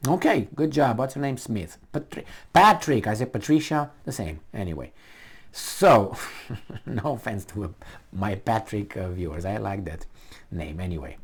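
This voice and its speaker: A man's voice: fairly low pitch, unhurried, slightly rough. A man hosting a commentary video, reading a news article aloud and mocking it with sarcasm and swearing. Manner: animated, sarcastic, swears and mocks the article's author. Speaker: political commentary video host.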